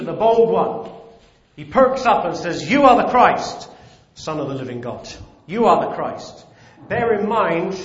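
A man delivers a sermon, reading scripture and then expounding on it with emphatic, repeated phrases. His voice sits slightly high for a man. The recording is roomy and dull, with a lo-fi tone. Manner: emphatic, repeats key phrases, swells on important words. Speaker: preacher.

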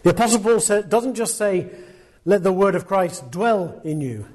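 A man's voice: high-pitched, expressive, normal speed, a little mellow, husky. A man preaching a sermon, earnest and emphatic, stacking repeated words and pressing questions on his listeners.

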